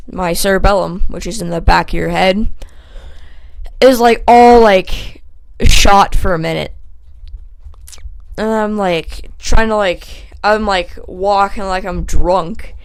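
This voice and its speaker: A young man telling a casual storytime vlog, rambling with lots of fillers and growing animated as he retells the story. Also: high voice, vocal fry, clean tone. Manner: animated when retelling the fight. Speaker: channel host.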